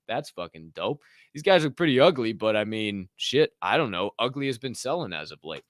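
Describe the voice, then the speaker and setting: Man, podcast host, lively swinging pitch, dry close sound, joking and cursing. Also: moderate pace, few pauses, no echo. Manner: animated, joking, profane; reads items aloud with asides. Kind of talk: casual news commentary.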